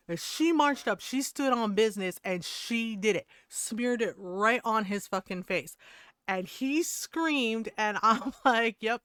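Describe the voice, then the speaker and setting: A woman streamer telling a story in casual chat, profane and animated, laughing often. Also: on the high side, clear, resonant tone, no echo, studio quality.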